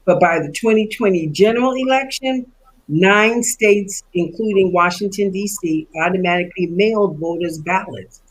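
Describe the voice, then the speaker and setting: A woman speaking on a panel, explaining voting policy in an earnest, steady way with occasional fillers. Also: mid-range voice, moderate pace, a little hiss or hum, rough recording. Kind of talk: panel discussion remarks.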